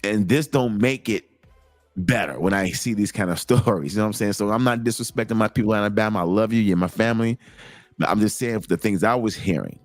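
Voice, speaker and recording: A middle-aged man hosting a show, telling a personal story in a casual, animated, digressive way. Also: fairly low pitch, fast, no echo, soft background music. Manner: animated, digressive, lots of repeated starts. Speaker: host.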